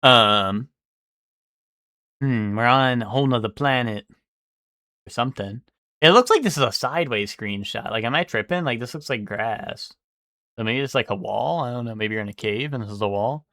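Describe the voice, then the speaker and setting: A man's voice: medium pitch, expressive, moderate pace, bright, forceful tone, dry recording, studio quality. A young man streaming live, thinking aloud and guessing in casual, swearing chatter.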